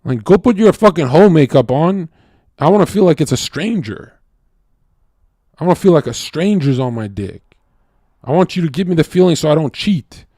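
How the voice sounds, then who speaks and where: A man's voice: a little high, expressive, moderate pace, dark tone, dry recording, clean studio sound. A man livestreaming, telling a crude, profane confessional story with stammered restarts. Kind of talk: casual unscripted stream monologue.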